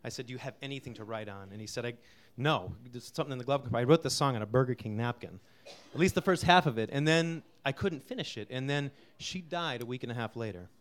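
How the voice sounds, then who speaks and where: A middle-aged man from Connecticut introduces a song he wrote, talking softly and haltingly with many fillers. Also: mid-range voice. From Connecticut, USA. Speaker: singer-songwriter introducing a song. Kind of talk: casual spoken intro before a live song.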